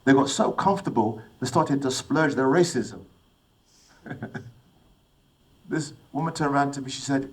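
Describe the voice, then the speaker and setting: A man's voice: mid-range voice, a little slow, pauses often, poor audio. A man telling stories to an audience. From England. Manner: storytelling, asks the audience questions. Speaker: speaker addressing young people. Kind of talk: motivational talk with personal stories.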